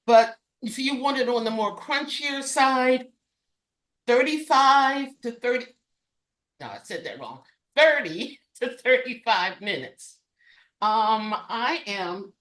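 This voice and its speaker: A woman guest casually demonstrating a recipe and telling her story, halting and correcting herself often. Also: fairly high pitch, a bit bright. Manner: halting, self-correcting, many fillers.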